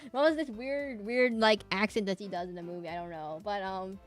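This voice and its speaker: A woman streamer talks casually to her live audience in a mid-range voice. She rambles, with frequent fillers and restarts. Faint music plays quietly in the background. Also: medium pitch, brisk.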